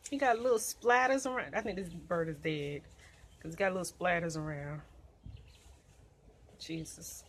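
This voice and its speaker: Vlogging from her outdoor balcony, a woman talks to her viewers in a jittery, nervous way, murmuring under her breath and then letting out sudden yelps. Her medium-pitched voice is unhurried, with long pauses, and sounds pushed and bright. A little hiss or hum sits in the background.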